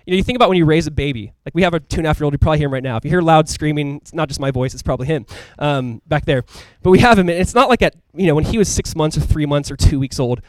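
Fast-talking, animated male pastor. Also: on the high side, dry recording. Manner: casual, conversational preaching with frequent asides; animated, emphatic delivery. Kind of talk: sermon.

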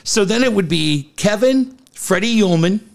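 Male host, swears freely, animated range, slightly high voice, loose studio chat. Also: moderate pace, vocal fry. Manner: profane storytelling, animated quoted voices. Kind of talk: casual chat.

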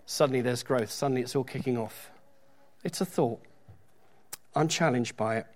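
A middle-aged man preaching a sermon at an ordinary, middling pitch. He keeps it conversational, slips in joking asides, and leans into scripture when he reads it out. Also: normal speed, a little mellow. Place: church.

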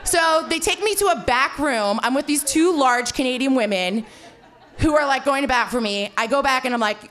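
A woman storyteller with a slightly high voice, talking in an animated, self-mocking way. She swears casually and leans on "like" as she tells a personal story. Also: normal speed, a faint crowd. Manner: animated, swearing, heavy filler "like"; self-mocking, frequent laughter.

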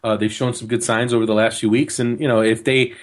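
A man's voice: mid-range voice, little pitch movement, quick pace. A man from New Jersey co-hosting a soccer podcast, talking casually and joking, with frequent restarts. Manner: chatty, joking, lots of restarts. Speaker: podcast co-host.

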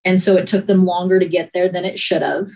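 A woman and former emergency dispatcher recounting hard calls in a halting, emotional way, with many restarts and pauses. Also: on the low side, fairly even intonation, vocal fry, a little mellow, poor audio. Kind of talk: personal account in a conversation.

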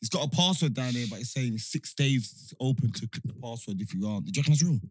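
A young man with a London accent, hosting a podcast and telling stories in animated, slang-heavy casual chat. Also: mid-range voice, quick pace, no room sound. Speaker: podcast host.

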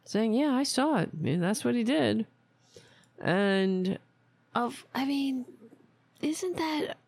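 A woman hosts a political talk show, tired and a little sick, venting in sarcastic, scolding rants. Her voice is low and gravelly with lots of vocal fry. Her pitch swings widely as she mocks and mimics, and she speaks close to a dry microphone. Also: no echo. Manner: angry, sarcastic commentary. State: tired and unwell. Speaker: host.

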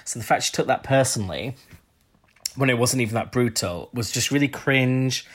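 A man's voice: medium pitch, moderate pace. A man co-hosting a casual podcast chat, giving blunt, opinionated takes and swearing freely. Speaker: podcast co-host. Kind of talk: casual chat reviewing a TV show.

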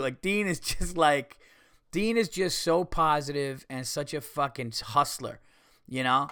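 A man with a somewhat high voice tells a story in a loose, lively way, cursing freely and acting out other people and the noises around him. The recording is close and dry, with no room sound at all. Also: normal speed, clean tone, no echo. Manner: animated, swearing, acts out quotes and sound effects. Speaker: podcast host and comedian. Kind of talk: casual storytelling.

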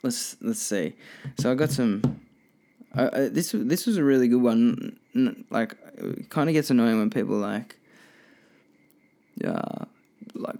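A man's voice: medium pitch, animated, measured pace, gravelly, warm tone. A young man hosting a casual solo podcast, rambling and swearing freely with many restarts. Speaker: podcast host.

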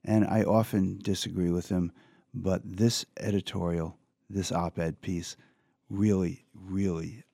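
A male radio talk show host, reading an opinion piece aloud with earnest, measured commentary and some halting restarts. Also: little pitch movement, mellow, no room sound, clean studio sound. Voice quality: low gravelly voice. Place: radio studio.

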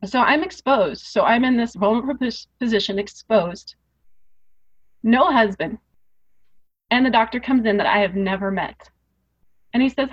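A woman's voice: on the high side, moderate pace, long pauses. Emotional woman, muffled lo-fi podcast sound. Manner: earnest, repeats phrases for emphasis; emotional, rising intensity. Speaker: podcast guest. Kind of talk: personal storytelling in an interview. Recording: dull lo-fi podcast audio.

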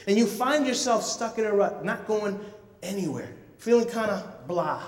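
A man's voice: high-pitched, animated, moderate pace. A man in his thirties preaching a sermon as a pastor, earnest and conversational, repeating words for emphasis. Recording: echoey hall, voice from far off.

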